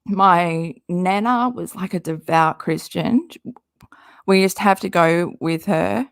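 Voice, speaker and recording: Woman, casual commentary, exasperated, rambling, gravelly, slow, dry close sound. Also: fairly low pitch, dry recording. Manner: exasperated, rambling, swears freely. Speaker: commentary YouTuber. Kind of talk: casual commentary reading posts aloud.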